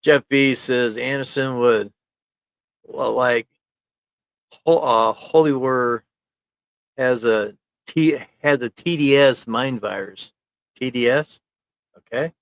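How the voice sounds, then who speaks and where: Man, livestream host, slow unhurried talk, mid pitch, rambling, dry home office sound. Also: a bit bright, dry recording. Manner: rambling, chuckling, reads chat aloud. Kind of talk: casual livestream chat reading viewer comments. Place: small home office studio. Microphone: desk mic in home office.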